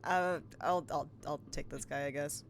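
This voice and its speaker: A woman's voice: sits low, fairly even intonation, moderate pace, slight background noise. A woman co-hosting a game stream, chatting casually and teasing playfully. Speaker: co-host. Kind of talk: casual let's-play chat.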